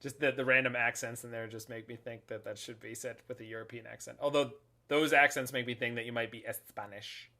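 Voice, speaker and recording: A man's voice: mid-range voice, fairly even intonation, a little fast, sharp tone. A man casually commenting while he streams a card game, rambling with lots of filler and jokey asides. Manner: jokey asides, laughs at his own remarks.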